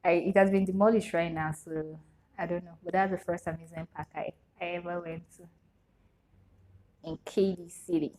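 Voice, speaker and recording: A woman's voice: lowish voice, steady tone, normal speed, darkish tone. A young woman with a Nigerian English accent, vlogging in a casual question-and-answer chat, reading each question aloud and answering it with frequent laughter.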